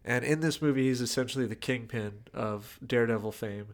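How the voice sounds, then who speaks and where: A man's voice: medium pitch, brisk. A man co-hosting a podcast, chatting casually about a movie with dry, joking asides. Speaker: podcast co-host. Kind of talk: casual chat reviewing a movie.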